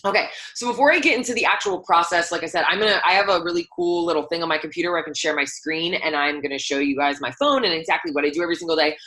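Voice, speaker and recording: A young woman leads her team through a motivational call. She talks fast in a bright, forward voice that sits a little low. Her delivery stays casual and upbeat, full of "like" and "um". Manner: chatty, upbeat, lots of "like" and "um". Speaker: coach leading a team call.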